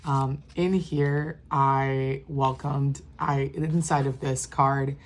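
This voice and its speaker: Woman, very low voice, flat delivery, casual vlog chat, rambling with fillers. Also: slow pace. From New York State. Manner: rambling, soft-spoken, with many fillers and restarts. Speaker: vlogger showing her journal. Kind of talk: casual walk-through chat.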